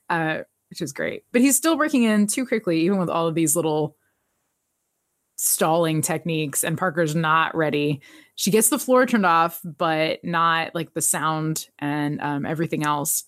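A woman co-hosting a podcast, recapping a TV episode in animated casual chat and laughing often. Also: fairly low pitch, a little slow, long pauses, no echo, studio quality. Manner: animated, laughs often, jumps into quoted voices.

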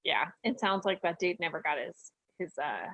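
A woman's voice: on the low side, big pitch swings, moderate pace, a bit bright, breathy edge, dry recording, low-quality recording. A woman co-hosting a podcast, chatting casually with wry, amused asides. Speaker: podcast co-host. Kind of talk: casual chat.

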